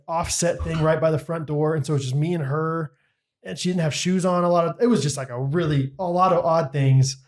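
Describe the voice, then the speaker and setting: A man's voice: fairly high pitch, darkish tone, roomy sound. A young man co-hosting a podcast, telling a story in casual chat with lots of fillers and laughs. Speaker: podcast co-host.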